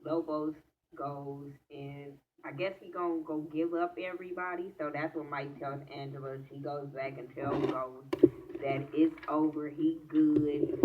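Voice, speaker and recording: Low-voiced woman excitedly recapping an episode. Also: normal speed, very noisy. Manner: excitable, profane, talks straight to viewers. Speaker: TV episode reviewer. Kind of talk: casual recap vlog. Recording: tinny phone-like audio from off-mic.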